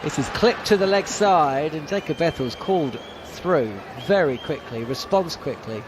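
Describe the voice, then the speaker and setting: A man's voice: fairly high pitch, expressive, normal speed, noisy background. A man giving live ball-by-ball radio cricket commentary, chatty and wry.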